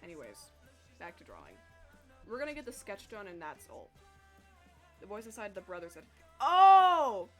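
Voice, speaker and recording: A woman's voice: fairly low pitch, wildly swooping pitch, brisk, long pauses, faint music behind. A young woman chatting casually with her live chat while she draws, talkative and self-deprecating, swearing freely. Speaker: streamer drawing live.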